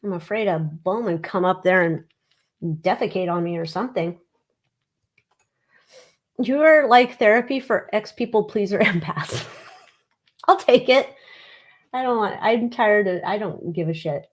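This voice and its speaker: A woman's voice: medium pitch, measured pace, pauses often. Blunt, chatty woman streamer. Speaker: livestream host. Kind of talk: casual chat reading viewer comments.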